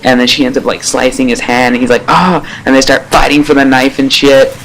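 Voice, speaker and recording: A man reviews a TV episode in a loose, rambling way. He retells scenes excitably, with plenty of fillers and casual swearing. His voice sits at a middle pitch, and faint noise hums underneath. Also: fast talker, rough recording.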